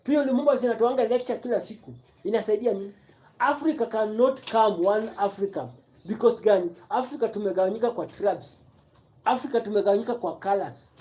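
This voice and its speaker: Fired-up commentator, mellow voice. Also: mid-range voice, fast talker. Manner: repetitive, emphatic, rhetorical questions. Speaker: live-stream commentator. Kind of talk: impassioned political rant mixing Swahili and English.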